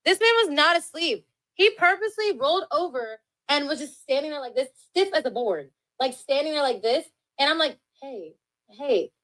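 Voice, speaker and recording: A woman's voice: sits high, lively intonation, brisk, a bit bright, dry recording, poor audio. A woman guest on a podcast, telling a story in a casual, profane, exasperated way. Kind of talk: interview storytelling.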